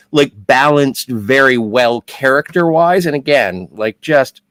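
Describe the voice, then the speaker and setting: A man's voice: medium pitch, fairly bright tone, no echo. A man co-hosting a podcast, giving his take on a film in a rambling, hedging way. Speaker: podcast co-host. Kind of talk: casual film discussion.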